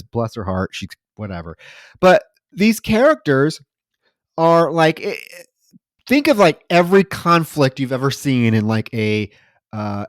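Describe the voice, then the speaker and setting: A man co-hosting a movie podcast, ranting in a profane, animated way as he recaps a film. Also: mid-range voice, no room sound, clean studio sound. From lived in Houston for years. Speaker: podcast co-host. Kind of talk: casual movie review chat.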